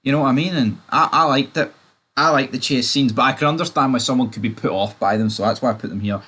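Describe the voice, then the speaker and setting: A man in casual, opinionated chat about a TV series. He rambles and keeps turning to the viewer with asides. His voice sits at an ordinary middle pitch. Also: fast, pushed and bright, slightly rough. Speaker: TV show reviewer.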